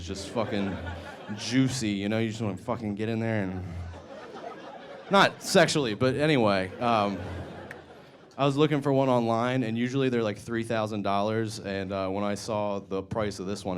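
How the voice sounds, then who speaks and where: A young man with a fairly low voice doing a stand-up set on a club stage. He rambles through self-deprecating stories and drops crude asides, with faint club noise under the mic. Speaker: stand-up comedian.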